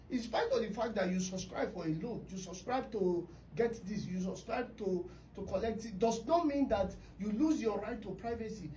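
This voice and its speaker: A woman hosting a radio talk show tells stories emphatically from the studio, her voice a little high with a dark tone. The mic is distant and there's faint noise.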